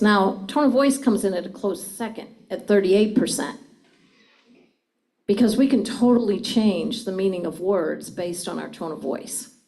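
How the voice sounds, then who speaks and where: A woman's voice: medium pitch, vocal fry, warm tone, rough recording. A middle-aged woman presenting a communication seminar to a live audience, engaging them with frequent questions. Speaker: communication trainer.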